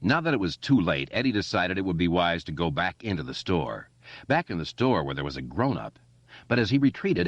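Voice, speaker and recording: A man narrating an audiobook in a steady, expressive storytelling way. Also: sits low, no echo. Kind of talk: scripted narration. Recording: dull lo-fi dry recording.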